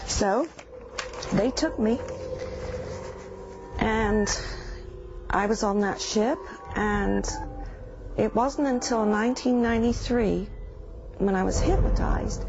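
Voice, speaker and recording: Older English-born woman interviewee; gravelly, unhurried, halting; dull news-clip sound with a clear music bed. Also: mid-range voice. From England. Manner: earnest, halting storytelling with pauses. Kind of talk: recounting personal experience.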